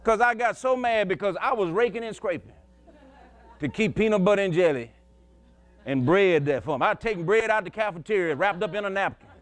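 A man's voice: high voice, brisk. A male preacher telling a folksy story in a sermon, chuckling and emphatic as he goes.

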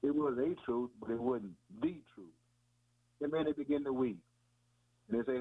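A man's voice: medium pitch, normal speed, long pauses. Folksy preacher man on tinny radio. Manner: folksy, peppers talk with "man" and "boy", repeats himself. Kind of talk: informal sermon. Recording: tinny phone-like radio audio.

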